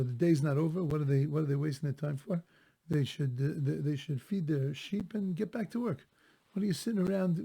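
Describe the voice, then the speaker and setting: A man's voice: on the high side, gravelly, dark tone, slightly rough. A rabbi giving a casual, conversational talk on the weekly Torah portion, quoting Hebrew verses and translating them as he goes. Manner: conversational, restarts phrases, Hebrew quotes translated.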